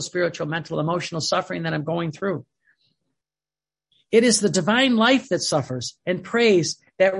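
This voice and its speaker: A male preacher with a high voice and a breathy edge reads devotional passages aloud and reflects on them earnestly and emphatically, swinging between loud and soft.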